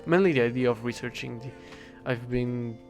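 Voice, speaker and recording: Young man, mid-pitched, rambling chat over a game with faint music under it, stops and restarts a lot. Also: normal speed. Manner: rambling, hesitant, self-correcting, swears casually. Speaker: English teacher. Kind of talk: casual rambling talk while gaming.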